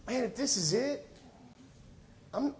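Animated middle-aged male preacher. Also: slow pace. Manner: animated preaching, swings from quiet low lines to loud high ones; conversational storytelling with repeated words. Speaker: pastor. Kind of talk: sermon.

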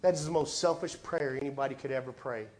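A male pastor preaches a sermon at a quick pace in a mid-range voice. His delivery is emphatic yet conversational, swinging between loud lines and hushed ones.

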